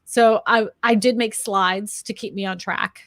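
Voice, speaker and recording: A woman's voice: medium pitch, fairly even intonation, a little slow, a bit bright, no room sound, clean studio sound. A woman co-hosting a casual chat, talking in a chatty, self-deprecating way and laughing often. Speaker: co-host, real estate agent and YouTuber.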